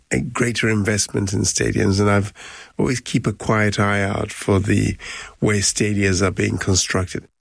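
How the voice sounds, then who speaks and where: A man's voice: lowish voice, flat delivery, measured pace, creaky, no echo. A man recalling past events in an interview, speaking in a reflective, emotional way. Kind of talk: personal recollection.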